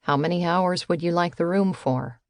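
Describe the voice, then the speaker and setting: A woman's voice: on the low side, moderate pace, darkish tone, no room sound, clean studio sound, lightly acted. A woman reading the lines of a curt, mildly mocking male motel manager in an audiobook. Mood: curt, wry. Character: tired rundown-motel manager, adult man, wry.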